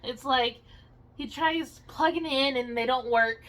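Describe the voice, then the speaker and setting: Bright, higher-voiced woman. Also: a little slow, rough recording. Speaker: co-host of a movie review channel. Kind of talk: casual movie review chat.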